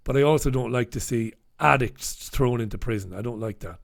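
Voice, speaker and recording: A man's voice: medium pitch, a little fast, gravelly. Male host, casual sardonic commentary on the day's papers, salty language, reads comments on air. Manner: sardonic, swears freely; reads out viewer comments and headlines. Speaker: host reviewing newspapers.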